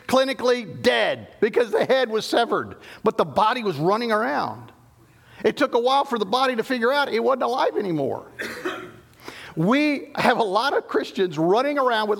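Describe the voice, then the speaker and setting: A man's voice: very high voice, sing-song, moderate pace, vocal fry, a bit bright. A middle-aged man preaching a sermon, explaining scripture emphatically and often restarting his sentences. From Southern United States. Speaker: pastor.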